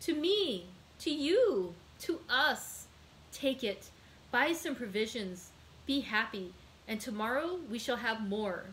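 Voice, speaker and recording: A woman reading aloud, voicing an earnest, devoted young male sailor with lively emphasis. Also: on the high side, measured pace, a little hiss or hum, poor audio. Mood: eager.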